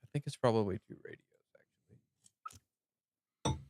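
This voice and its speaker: A man's voice: brisk, darkish tone, a little hiss or hum. A man joining a ham radio stream, making short, eager remarks in casual chat. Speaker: stream co-host or guest.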